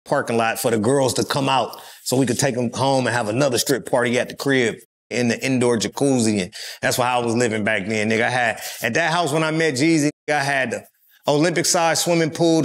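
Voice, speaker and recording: Loose-talking middle-aged man from California. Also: mid-range voice. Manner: loose, profane street talk with frequent fillers. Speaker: rapper and interview guest. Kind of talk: casual storytelling interview.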